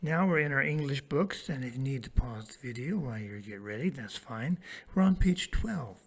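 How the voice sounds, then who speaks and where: A man teaching an English grammar lesson to children, prompting his pupils to repeat lines and pausing for their answers. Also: medium pitch. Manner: lively, sing-song classroom delivery.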